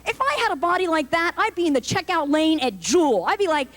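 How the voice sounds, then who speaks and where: A woman's voice: extremely high pitch, sing-song, fast, hardly any pauses. A woman doing a punchy stand-up comedy set on a live club stage, jumping into character voices.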